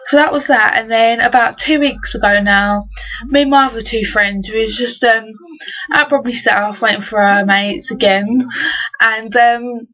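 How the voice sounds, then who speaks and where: A woman's voice: a little high, steady tone, a little slow, sharp tone. A teenage girl from England, telling stories in an exasperated, slangy rant for a vlog. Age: teens. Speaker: vlogger. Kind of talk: casual ranting story. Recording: dull lo-fi webcam audio.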